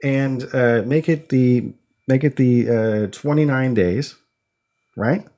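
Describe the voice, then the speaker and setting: Speaking slowly in a mellow, medium-pitched voice, a young podcast co-host rambles through his explanations with many fillers and restarts, quizzing his co-host as he goes.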